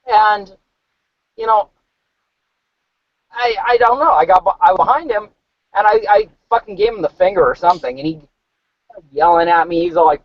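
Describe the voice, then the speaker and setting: A man telling stories in a casual, profane chat, animated and swearing freely. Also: sits high, normal speed, no echo. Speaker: podcast co-host. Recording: dull dry home mic.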